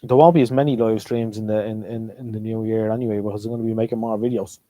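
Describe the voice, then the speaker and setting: Chatty Irish man with a mellow voice. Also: fairly low pitch, fairly even intonation, fast, dry recording. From Ireland. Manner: chatty, repeats himself, rambling. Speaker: live stream host. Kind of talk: casual live stream chat.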